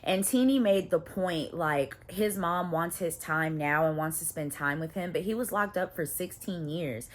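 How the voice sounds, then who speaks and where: A woman with a fairly low voice talks straight to her viewers in a relaxed, slangy way, retelling what happened on a show. She keeps dropping in quick asides and questions to her audience. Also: slight background noise. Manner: chatty, loose slangy storytelling with frequent asides. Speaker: channel host reviewing a reality show. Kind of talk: casual recap chat.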